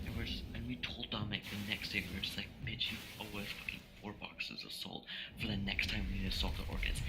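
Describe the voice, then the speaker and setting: A young man, clearly drunk, rambles through a long story in a somewhat low voice, cursing at nearly every turn. His voice chat line carries a steady hiss of background noise. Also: fast talker. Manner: rambling, slurred, swears constantly. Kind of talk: casual chat with friends over voice chat.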